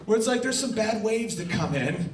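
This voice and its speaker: A man's voice: sits high, animated, normal speed. A middle-aged man doing a crude, brash stand-up comedy set on a club stage, acting out quoted exchanges as the audience laughs. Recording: roomy live club sound from a distance.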